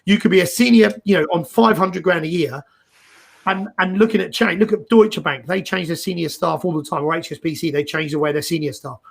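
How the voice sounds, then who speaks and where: Middle-aged male host, gravelly, chatty and rambling. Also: a little high, a little fast. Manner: animated, rambling, repeats words as he goes. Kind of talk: casual career advice chat.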